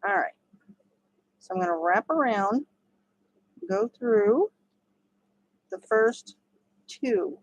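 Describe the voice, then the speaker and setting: A woman's voice: mid-range voice, expressive, slow pace, pauses often, dry recording, poor audio. A woman giving a casual step-by-step crochet tutorial, chatty and laughing often. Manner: chatty, laughs often, talks to her dogs.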